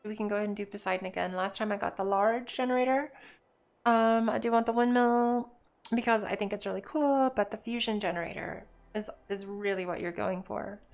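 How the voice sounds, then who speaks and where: A woman's voice: mid-range voice, fairly quick, darkish tone. Chatty woman streamer joking while gaming. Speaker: let's play streamer. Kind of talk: casual chat while gaming.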